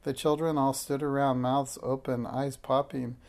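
A man narrating a children's storybook aloud in a measured, expressive way. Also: medium pitch.

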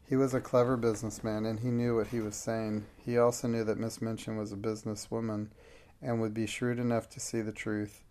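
An audiobook narrator reads a classic novel aloud from a script, keeping his narration steady and measured in a fairly low voice.

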